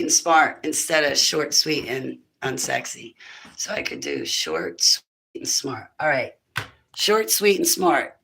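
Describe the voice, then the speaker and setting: Bright-voiced woman in her fifties, rambling. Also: low voice, poor audio. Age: 50s. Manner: rambling, laughing asides, emphatic preaching. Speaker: speaker on spiritual warfare. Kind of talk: casual monologue.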